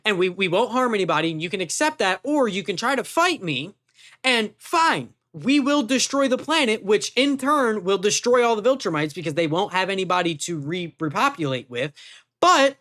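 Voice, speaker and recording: Super hyped tv reviewer, bright ringy voice, swears a lot, keeps saying how good it is. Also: mid-range voice, normal speed. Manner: animated and gushing, swears freely, repeats itself. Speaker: TV show reviewer. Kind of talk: casual excited review talk.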